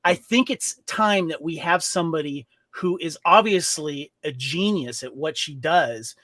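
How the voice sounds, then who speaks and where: A man's voice: a little high, measured pace, sharp tone, dry recording. A man co-hosting a podcast, sharing thoughtful, opinionated takes in casual chat. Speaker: co-host.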